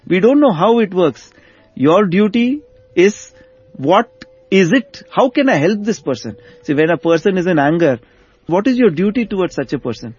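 A man's voice: high-pitched, sing-song, brisk, darkish tone, breathy edge, dull audio. A man telling a devotional story in conversation, acting out the lines of the people in it. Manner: acts out dialogue with shifts in voice. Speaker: storyteller guest.

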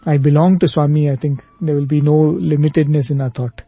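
A man's voice: a little high, flat delivery, fast, dark tone, husky, no room sound, faint music behind. A man speaking earnestly in a reflective spiritual conversation, often checking back with his listener. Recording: dull dry sound.

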